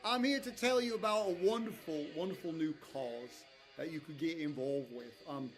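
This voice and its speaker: A man's voice: fairly high pitch, moderate pace, soft background music, lightly acted. A man playing a clown frontman hosting a charity call-in, with a hesitant, put-on British accent, calling everyone darling. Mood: chummy. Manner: fussy, calls everyone darling.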